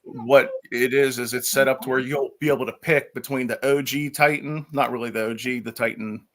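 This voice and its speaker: An eager man talking gear on a live online show, tripping over his words as he hurries to explain. His voice sits at an ordinary pitch, and his delivery is loose and unpolished. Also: fairly even intonation, brisk, fairly bright tone. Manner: enthusiastic, rambling with many restarts. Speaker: guest from a magnet fishing gear maker. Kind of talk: casual livestream chat.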